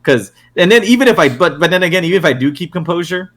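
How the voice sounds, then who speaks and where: A young man hosting a casual podcast chat, telling animated stories, acting out his friends' lines and laughing often. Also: high-pitched, quick pace. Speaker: podcast host.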